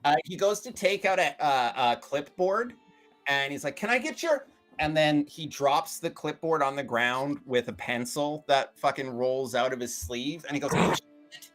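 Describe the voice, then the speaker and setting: A man's voice: mid-range voice, moderate pace, a bit bright, soft background music, poor audio. A man narrating a tabletop game as game master, casual and full of fillers and swearing.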